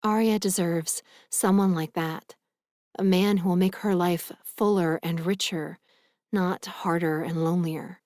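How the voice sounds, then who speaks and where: A woman narrating a romance audiobook in the first person, earnest and gentle. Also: fairly low pitch, steady tone, unhurried, no room sound, clean studio sound.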